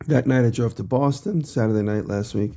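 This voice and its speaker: Worn out podcast guy, mellow tone, rattling off his week. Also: mid-range voice. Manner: quick travel recap, listing one event after another. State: run down. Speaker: podcast co-host. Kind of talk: casual chat.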